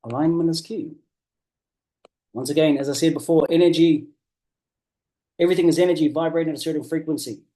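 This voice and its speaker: Mellow earnest New coach. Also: male voice, on the high side. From New Zealand. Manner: earnest and emphatic, repeats key phrases, slows down to stress points. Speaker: business coach. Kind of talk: motivational coaching talk.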